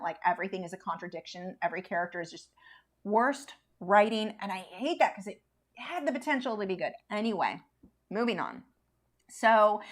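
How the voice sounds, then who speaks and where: A woman artist chatting casually and opinionatedly with viewers while she paints, laughing often. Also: medium pitch. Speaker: artist streamer.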